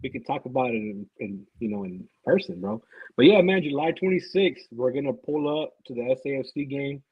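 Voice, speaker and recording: A man rambles through casual podcast talk, swearing freely and circling back over his own words. His voice is husky and mid-pitched, and the recording sounds dry and a little dull. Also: animated, a little fast, dry recording. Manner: rambling, profane, repeats himself. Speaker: podcast guest.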